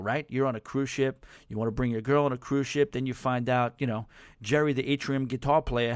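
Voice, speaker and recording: A man hosting a casual podcast at an ordinary middle pitch. He rambles chattily through his stories, with plenty of fillers and little chuckles. The sound is close and dry. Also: no echo. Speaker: podcast host.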